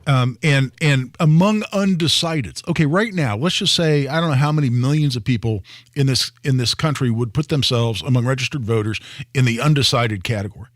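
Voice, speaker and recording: A man's voice: medium pitch, a little fast, no room sound. A man co-hosting a talk radio show, earnest, often restarting his sentences and repeating words, speaking into a studio microphone. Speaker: guest radio host. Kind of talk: talk radio political discussion.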